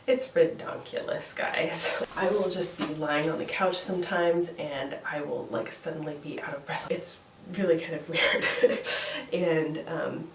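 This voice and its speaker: A woman's voice: deep voice, steady tone, a little slow, slight background noise. A young woman with a head cold and a stuffy, nasal voice, chatting casually in a vlog, with fillers and light laughs. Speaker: vlogger. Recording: echoey room, voice from far off, faint ambience.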